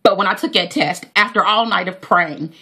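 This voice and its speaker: A woman's voice: mid-range voice, normal speed, pushed and bright, husky. A woman, telling a heartfelt personal story to her viewers with many fillers and praise for God. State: near tears. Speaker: vlogger.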